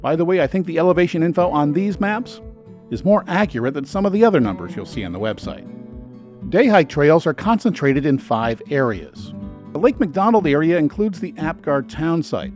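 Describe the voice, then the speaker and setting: A man's voice: a little high, very animated, normal speed, darkish tone, soft background music. A man narrating a scripted travel guide in an earnest, advisory voice-over. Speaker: travel video host.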